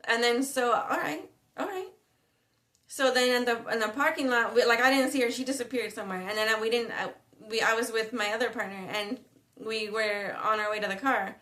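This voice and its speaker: A woman talks straight to the camera in a casual, meandering monologue, filled with slang, fillers and false starts. Her voice sits a little high and sounds bright and forceful. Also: steady tone, a little fast. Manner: slangy, rambling, frequent fillers and restarts. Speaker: spiritual vlogger.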